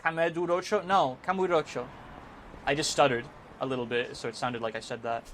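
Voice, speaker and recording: Slight background noise sits under this man's medium-pitched voice, which is steady, brisk and fairly bright. He's gaming on a live stream, chatting loosely with his audience, wandering off topic, cursing without restraint and laughing often.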